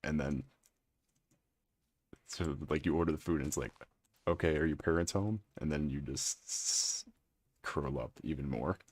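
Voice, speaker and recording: Brief: male streamer, rumbling ultra-low voice, husky and gravelly, dry close sound, casual teasing chat. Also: measured pace, long pauses, a little mellow, no echo. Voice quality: extremely deep gravelly voice. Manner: chatty, teasing, reads and answers chat aloud. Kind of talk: casual live-stream chat while playing.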